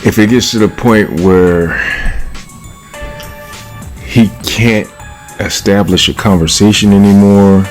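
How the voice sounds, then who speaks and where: A man's voice: on the low side, fairly even intonation, slow, long pauses, soft background music. A man from California talking casually into the camera, slangy and profane, laughing often and asking "you know what I'm saying?". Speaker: vlogger. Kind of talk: casual commentary monologue.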